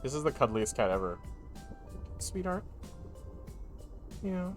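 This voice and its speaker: A man's voice: medium pitch, fairly quick, fairly bright tone, soft background music. A young man streamer chatting casually on a live stream, rambling and joking, now and then baby-talking to his cat. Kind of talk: casual chat.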